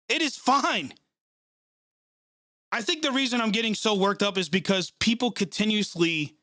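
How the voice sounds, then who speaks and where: Angry play-by-play pours out of a man hosting a football reaction live stream, ranting and swearing with real heat. His sharp-toned voice sits high, captured in a dry, studio-quality recording.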